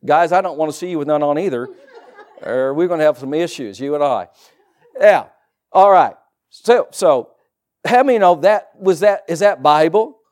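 A man's voice: fairly high pitch, expressive, normal speed, darkish tone. A middle-aged man preaching a sermon as pastor, folksy and joking asides to the congregation.

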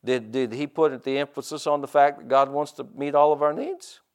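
A man's voice: fairly high pitch, steady tone, a little fast. A middle-aged man preaching a sermon, stretching out scripture quotes for emphasis and tossing casual asides to the congregation. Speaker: pastor.

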